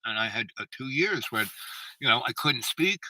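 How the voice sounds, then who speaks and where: A man's voice: medium pitch, lively intonation, moderate pace, pushed and bright, no room sound, distant mic, poor audio. A man telling a long personal story in a meandering, self-interrupting way and acting out the people he quotes. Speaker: channel host.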